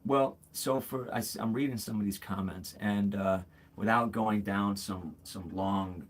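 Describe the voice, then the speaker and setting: Unhurried and fairly even in intonation, a low-voiced man in his forties hosts a casual livestream. He speaks candidly in a rambling way, with many fillers and restarts, calling viewers "bro" and "man."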